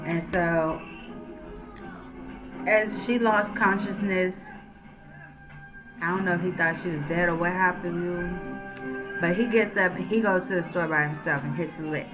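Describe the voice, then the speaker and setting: A woman's voice: medium pitch, steady tone, measured pace, music in the background, poor audio. Chatty woman retelling a true crime story. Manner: chatty, conversational, with fillers. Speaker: storyteller, channel host.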